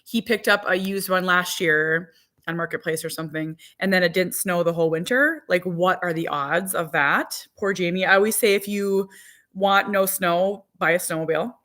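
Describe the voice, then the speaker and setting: A woman's voice: on the low side, moderate pace, a bit bright. A woman in her thirties from Minnesota, a mother chatting casually with viewers on a phone livestream at home, rambling and friendly. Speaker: vlogger. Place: home in winter.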